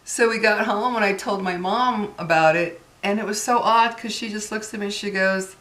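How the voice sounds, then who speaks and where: A woman's voice: mid-range voice, normal speed, few pauses, fairly bright tone. A woman vlogger telling a personal story in casual talk, earnestly addressing her viewers as "guys". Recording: echoey room.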